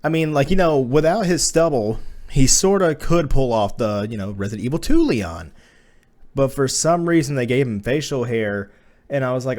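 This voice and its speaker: A man's voice: medium pitch, animated, moderate pace, a little mellow. A man giving a casual spoken movie review, blunt and profane, slipping into exasperated rants.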